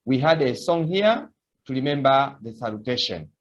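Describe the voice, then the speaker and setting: A man's voice: medium pitch, big pitch swings, normal speed, highs cut off. A man teaching a beginner language lesson, patiently repeating words for students to echo. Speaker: French teacher.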